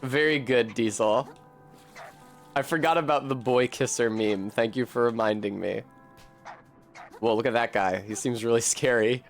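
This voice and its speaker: A man's voice: medium pitch, moderate pace, long pauses. A man giving casual, wry commentary as he streams a video game, swearing freely and chatting with his viewers. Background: game music.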